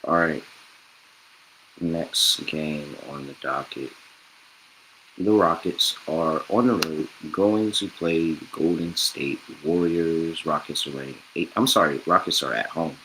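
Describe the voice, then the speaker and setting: A man's voice: very deep voice, slow, fairly bright tone, a little hiss or hum, low-quality recording. A man hosting a sports betting podcast, talking casually and rambling, correcting himself as he goes and reading ads. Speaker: podcast host.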